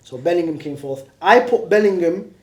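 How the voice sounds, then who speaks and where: A man's voice: high-pitched, animated, moderate pace, darkish tone. A man hosting a football podcast, reading out poll results and keeping his co-hosts in line. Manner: bossy, reins in the others. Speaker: podcast host. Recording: roomy echo.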